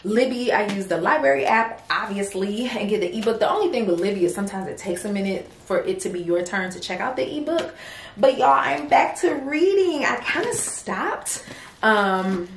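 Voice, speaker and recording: A young woman talks casually to her viewers from a home office, chatty and friendly. She calls them y'all and girlies. Her mid-pitched voice sounds roomy, and there is a faint hiss under it. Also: a little fast. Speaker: vlogger and small business owner. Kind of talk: casual chat to camera.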